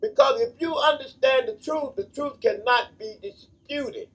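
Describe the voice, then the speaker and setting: High-voiced fervent preaching man, off-mic. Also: expressive, unhurried, distant mic, low-quality recording. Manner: fervent, repetitive, preacher-like cadence. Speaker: founder of a charity association. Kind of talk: preaching monologue.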